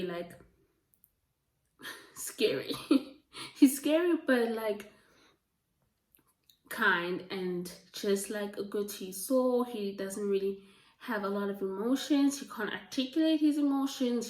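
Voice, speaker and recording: A woman talks casually through her reading, full of "like" and "um" fillers, her voice starting to wear hoarse. She sits some way from the mic, and the room rings around her. Her pitch sits in the middle for a woman. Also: darkish tone. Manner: chatty, gushing, full of "like" and "um". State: voice going hoarse. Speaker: book reviewer. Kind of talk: casual book review chat. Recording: roomy, from a distance.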